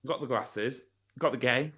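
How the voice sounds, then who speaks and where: A man's voice: medium pitch, a little slow, fairly bright tone, slightly rough. A man chatting casually as a podcast co-host, with a mid-range voice. He gives short, dry, matter-of-fact answers. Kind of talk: casual chat.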